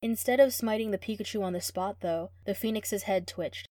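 A woman reads a first-person story aloud with steady, expressive pacing. Her voice sits at a middle pitch, and the recording is dry and close with no room sound. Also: moderate pace, dry recording. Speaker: reader. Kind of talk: reading fan fiction aloud.

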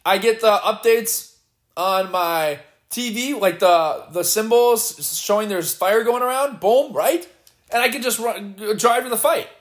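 A man giving live gameplay commentary, excitable and playfully boastful as he trash-talks. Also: high voice, a little slow, echoey room. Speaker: gamer.

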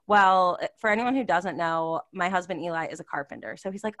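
A lively woman co-hosts a casual podcast. She tells stories with lots of laughter and jumps up into high voices to act out what people said. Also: a little fast. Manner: animated, laughs often, acts out quotes in high voices. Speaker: podcast co-host. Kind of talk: casual chat, storytelling.

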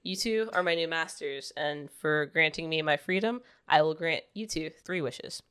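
A woman's voice: deep voice, normal speed, a bit bright, clean tone. A woman voicing an easygoing, offhand male genie in a joke she tells. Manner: laid-back and offhand.

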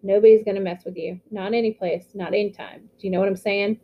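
A woman's voice: medium pitch, fairly even intonation, fast talker, natural voice. A woman reading aloud, voicing a tough, blunt teenage soccer captain, on a slightly muffled recording. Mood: serious. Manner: gruff and blunt, then dead serious. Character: tough teen boy, team captain, blunt.

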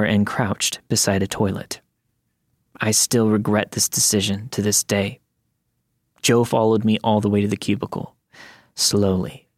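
A man narrating a listener's true creepy story in the first person, with a measured, steady storytelling delivery. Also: fairly low pitch, gravelly, no room sound, clean studio sound. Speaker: podcast narrator reading listener stories.

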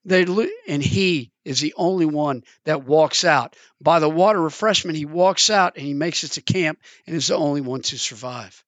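A man's voice: moderate pace, few pauses, fairly bright tone, no echo. A man preaching a sermon, telling a parable in an earnest storytelling manner. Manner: earnest, storytelling, acts out the characters in pitch.

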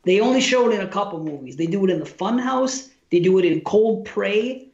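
A man co-hosting a casual film review podcast, talking excitedly with halting restarts and lots of "dude". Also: sits high. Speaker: podcast co-host. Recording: echoey room, dull lo-fi sound.

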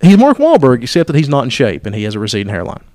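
A man's voice: mid-range voice, huge pitch swings, rapid-fire, a little mellow, no echo, studio quality. A man hosting a podcast, telling a comic story in a profane, self-interrupting way. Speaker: podcast host.

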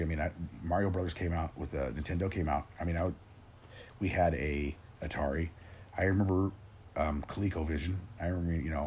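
A man in his forties with a very low, deep voice delivers a rambling, profanity-laced rant straight to his listeners. He circles back on himself with restarts and stacks curse after curse in a gruff, exasperated tone. A faint hum sits underneath the voice. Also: darkish tone. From Tennessee, raised in Oregon. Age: 40s. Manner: rambling, gruff, swears constantly, many restarts. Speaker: rant host.

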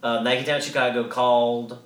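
A man's voice: medium pitch, level tone, moderate pace, fairly bright tone, reverberant, distant mic. A man co-hosting a podcast, telling a story in a casual, rambling way with many restarts and some swearing. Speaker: podcast co-host.

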